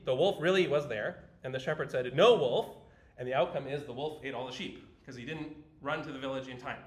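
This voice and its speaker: A man's voice: medium pitch, fairly bright tone. Chatty male lecturer in an echoey hall. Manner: chatty and explanatory, with fillers and restarts. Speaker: university lecturer. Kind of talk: casual classroom lecture.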